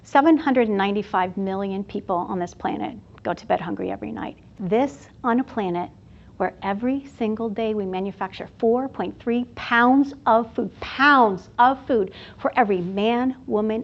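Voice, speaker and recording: Expressive woman telling a story to an audience. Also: medium pitch, moderate pace, vocal fry. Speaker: presenter. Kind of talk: storytelling presentation. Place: university event. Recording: dull lo-fi sound.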